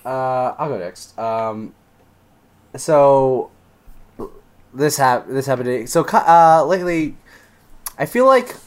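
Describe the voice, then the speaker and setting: A man in casual chat telling family stories, laughing often and swearing. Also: medium pitch.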